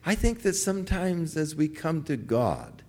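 Older male preacher, sermon storyteller, slow delivery with a lively, swooping pitch. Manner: storytelling, acts out pleading voices.

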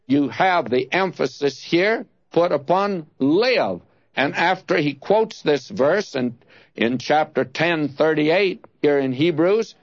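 A man preaching an expository sermon, slow and emphatic, leaning hard on key words. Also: fairly high pitch, no room sound, dull audio.

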